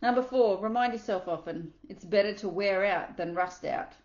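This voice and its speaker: A woman's voice: mid-range voice, moderate pace, darkish tone, reverberant, muffled recording. A woman coach reading a self-help book aloud, earnest, with small slips and asides.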